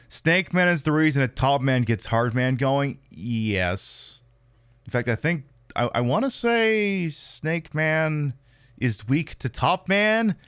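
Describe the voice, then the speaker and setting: A man's voice: a little high, a bit bright, clean tone, dry recording. A man hosting a live game stream, chatting casually and cracking crude jokes.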